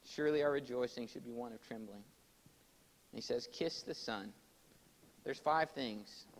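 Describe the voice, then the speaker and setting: A man preaching a sermon to his congregation in a church, swinging between loud, emphatic exhortation and quiet explanation, and calling for amens. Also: medium pitch, moderate pace, low-quality recording. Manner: addresses congregation directly, calls for amens. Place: church sanctuary.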